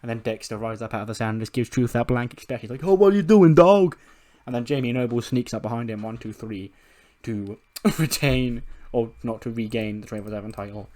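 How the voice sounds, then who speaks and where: A man and gaming channel host, casually narrating a game recap with animated storytelling and frequent laughter. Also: mid-range voice, fast talker, hardly any pauses. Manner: animated storytelling, acting out characters, laughing often.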